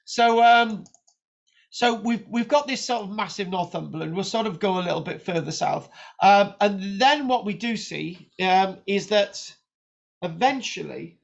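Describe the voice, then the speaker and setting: A man with a fairly high voice lectures on history in a loose, talkative way. He stumbles over his words, restarts often and keeps asking "right?" The recording is dull and lo-fi. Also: measured pace, vocal fry. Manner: animated, chatty, frequent restarts and "right?" tags. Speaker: history teacher. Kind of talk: informal lecture with notes on screen.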